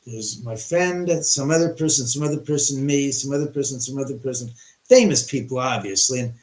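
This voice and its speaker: Excitable, rambling male livestream host, mid pitch, in an echoey room. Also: brisk. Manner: rambling, excitable, many restarts and profanity. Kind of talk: live-stream storytelling. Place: his house.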